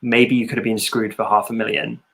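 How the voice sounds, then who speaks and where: A man's voice: on the low side, level tone, fairly quick, gravelly, fairly bright tone. A man, hosting a webinar interview in a casual, easygoing way. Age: 30s. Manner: laughs easily, casual. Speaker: host.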